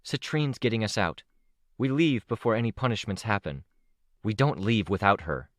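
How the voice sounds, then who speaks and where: A man with a deep voice reads a young woman's lines in a lifted, brisk, steadying tone for an audiobook. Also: very animated, no echo, clean studio sound. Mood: reassuring.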